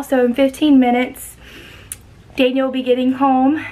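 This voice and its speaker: Young female vlogger, bit high, rambling casual talk to camera, home setting. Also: steady tone, normal speed. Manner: chatty, loose, full of "like" and "um". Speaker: lifestyle vlogger reviewing a supplement.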